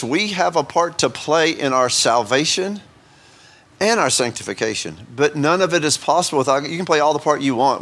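In a relaxed, humorous sermon, this pastor chats with his congregation and keeps asking them questions. His male voice is a little high and a bit bright.

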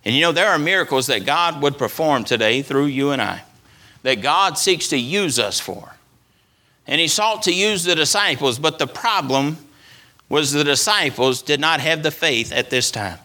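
A man's voice: fairly high pitch, lively intonation, moderate pace, pushed and bright. A man preaching a sermon as pastor, repeating phrases for emphasis and letting his voice rise and fall. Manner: preaching with rising and falling emphasis.

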